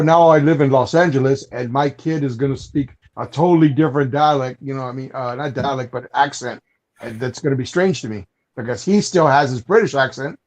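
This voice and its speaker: A man's voice: medium pitch, rough recording. A man in a casual livestream chat, telling meandering anecdotes and agreeing with the others. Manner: rambling anecdotes, agreeable interjections.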